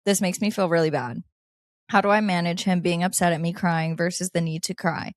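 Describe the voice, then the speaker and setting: A lively woman chatting on an advice podcast, her voice sitting a little low. She laughs easily and reads listener letters out. The sound is close and dry. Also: brisk, no echo. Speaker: podcast co-host. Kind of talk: casual advice chat.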